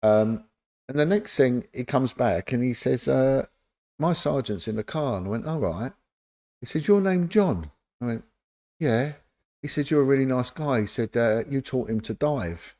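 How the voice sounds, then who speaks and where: A middle-aged man, telling lively stories as an interview guest and acting out the dialogue. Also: mid-range voice, normal speed. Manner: animated anecdote-telling, acts out quoted dialogue. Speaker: interview guest, former police officer. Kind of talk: casual storytelling.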